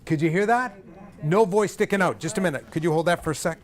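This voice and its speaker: A male vocal coach leading a live group singing workshop, energetic and directive, joking with the singers. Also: on the high side, fast talker, a little hiss or hum.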